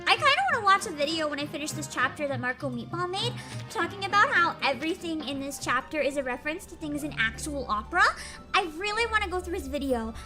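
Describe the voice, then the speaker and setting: High, lively woman streamer over game music. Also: fast. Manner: chatty and expressive, laughing often between remarks. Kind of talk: casual gaming livestream chat. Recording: game music playing loudly behind.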